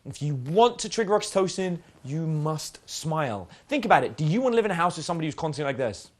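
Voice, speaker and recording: Animated male dating coach. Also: a little high, fast talker. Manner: lively, swears casually, demonstrates voices. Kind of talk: spoken seminar lesson.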